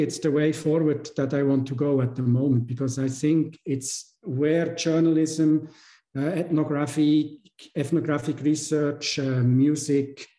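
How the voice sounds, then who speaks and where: A man lectures very slowly in a mellow voice, stopping often on filler sounds as he gathers his thoughts. His voice rings around an echoey lecture room, with faint music underneath. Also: a little high. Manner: halting, with frequent filler pauses. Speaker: guest lecturer. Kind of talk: university lecture.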